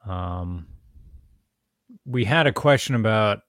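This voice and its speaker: Young male stream co-host, playful, chatty, slow delivery. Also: on the low side, expressive, fairly bright tone, no echo, studio quality. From Pennsylvania, USA. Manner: playful, chatty, runs audience audio checks. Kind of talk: casual chat.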